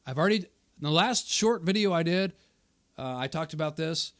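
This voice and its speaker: This is argumentative debate-video commentary from a channel host who combatively answers his opponent's quoted remarks, hammering points through repetition. His male voice leans high and a bit bright, with lively intonation at normal speed.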